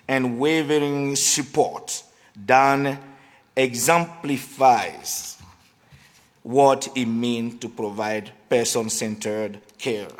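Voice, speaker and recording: Slow, halting man with a French accent in a reverberant hall. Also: mid-range voice. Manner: halting reading with restarts, self-deprecating. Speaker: award presenter. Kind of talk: reading an award presentation speech. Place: large banquet hall at a luncheon. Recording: hall reverb in a banquet room.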